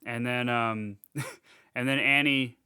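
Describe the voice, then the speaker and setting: A man co-hosting a podcast, rambling casually through a movie recap, laughing and throwing in quick character voices. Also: medium pitch, fairly even intonation, sharp tone, clear, resonant tone, no room sound, studio quality. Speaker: podcast co-host.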